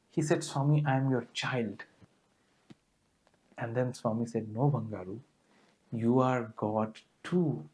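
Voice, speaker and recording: A man's voice: medium pitch, a little mellow. A man giving a spiritual talk to a gathering, telling stories earnestly with frequent small fillers. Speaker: guest speaker.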